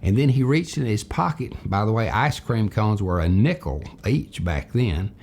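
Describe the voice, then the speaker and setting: An older man from Tennessee, husky voice, telling a childhood story as a character lesson in a folksy, animated way. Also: fairly low pitch, moderate pace. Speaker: storyteller teacher.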